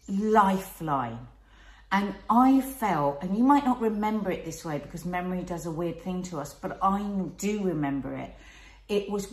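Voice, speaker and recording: Open up with the voice of a woman in her forties who talks with real feeling and emphasis. She's sharing a story in a relaxed chat, and the room around her rings with a noticeable echo. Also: mid-range voice. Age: 40s. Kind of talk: casual conversational storytelling. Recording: roomy echo.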